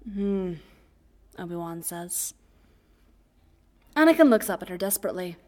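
A woman narrating fan fiction aloud as an audiobook, in a quiet, even storytelling voice. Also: fairly low pitch, normal speed.

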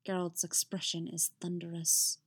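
A woman reading fiction aloud in a calm, unhurried storytelling manner. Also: lowish voice, breathy edge. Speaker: reader. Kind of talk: audiobook-style fiction reading.

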